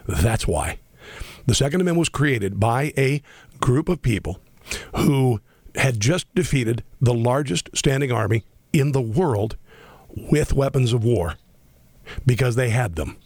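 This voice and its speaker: A man hosting a political talk radio show, sarcastic and combative, talking fast with many restarts. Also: mid-range voice, animated, darkish tone, husky, no echo.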